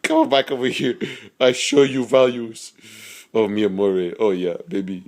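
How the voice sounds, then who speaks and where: A man's voice: fairly low pitch, normal speed, lightly acted. A man voicing an amorous male parrot who is a pushy Casanova, crooning and wheedling with pet names in a home pet video.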